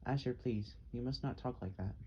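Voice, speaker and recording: A man narrating an audiobook, voicing a gentle, worried mother who speaks softly. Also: medium pitch, normal speed, lo-fi sound, slight background noise, lightly acted. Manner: soft, pleading.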